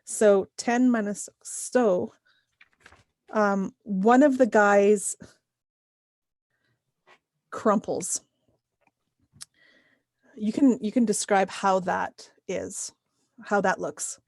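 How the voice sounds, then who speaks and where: A woman's voice: mid-range voice, fairly even intonation, very slow, long pauses, a little mellow, no room sound. A woman game master talks players through rules and damage totals step by step, patient and methodical. Her voice sits in a mid register. The sound is dry and close, with no room around it. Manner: patient, checks numbers step by step. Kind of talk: running a tabletop game, explaining rules.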